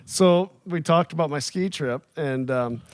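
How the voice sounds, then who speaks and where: A man's voice: a little high, a little slow, slight background noise. A man co-hosting a casual podcast, telling a story with lots of laughter and acted-out quotes, close to a studio mic. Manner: animated storyteller who laughs often and acts out quoted voices. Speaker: podcast co-host. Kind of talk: casual chat. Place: small recording studio. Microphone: studio microphone, close.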